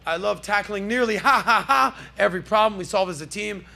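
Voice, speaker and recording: A high-pitched, gravelly man hosting his podcast with bright, forceful energy. He riffs through the news in an animated, jokey way and tosses asides to his crew. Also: a little fast. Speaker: podcast host.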